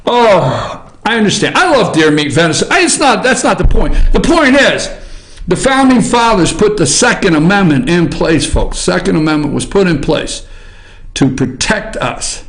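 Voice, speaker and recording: A man's voice: high-pitched, fairly bright tone. Blunt, ranting man in an echoey room. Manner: blunt, ranting, emphatic, swears. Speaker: political commentary show host. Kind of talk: opinionated news commentary. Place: office.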